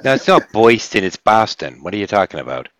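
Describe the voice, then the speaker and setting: Very deep voiced guy from massachusetts, sarcastic, cusses a lot. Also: very animated, very fast, a bit bright, no echo. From United States (Massachusetts). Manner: sardonic, swears freely. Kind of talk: casual group voice chat.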